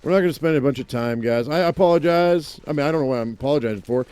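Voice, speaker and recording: A man's voice: on the high side, racing, darkish tone, clean tone, no echo. A man casually commenting on his own survival gameplay, chatting to himself and his viewers with jokey exclamations. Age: adult, owns a dog. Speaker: let's play gamer.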